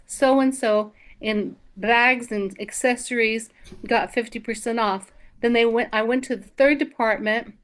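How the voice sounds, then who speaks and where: A woman's voice: on the high side, fairly bright tone. An older woman reverend giving spiritual readings and telling a story in a chatty, reassuring way, often restarting her words.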